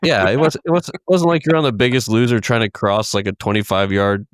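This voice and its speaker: A man with a lowish voice hosts a podcast in easy, rambling chat, breaking into laughter often. His voice sounds close and dry. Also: fairly quick, dry recording. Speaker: podcast host. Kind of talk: casual chat.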